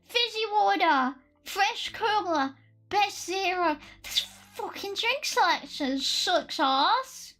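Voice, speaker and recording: Young female streamer, very high voice, slow and drawn-out delivery, giggly and foul-mouthed. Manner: excitable, giggly and profane, thinking aloud. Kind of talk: casual live-stream chat. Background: faint lo-fi music.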